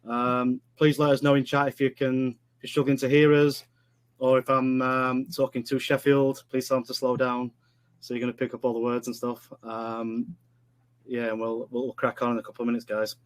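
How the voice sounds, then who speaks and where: A man's voice: medium pitch, monotone, normal speed, clean tone. Chatty Yorkshire man hosting a livestream. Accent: Yorkshire English. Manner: chatty, jokey, says "mate" a lot. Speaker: webinar co-host. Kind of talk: casual live-stream chat.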